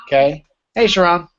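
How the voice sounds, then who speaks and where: A man's voice: a little high, gravelly, a bit bright. A man teaching a Greek class in a casual lecture style, often checking in with "right?" as he explains. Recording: dull lo-fi recording.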